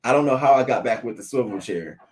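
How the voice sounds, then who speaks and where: A man hosting a casual morning news livestream from a swivel chair at home, animated and swearing, talking back to viewer comments. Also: mid-range voice, fast. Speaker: host of a morning news show.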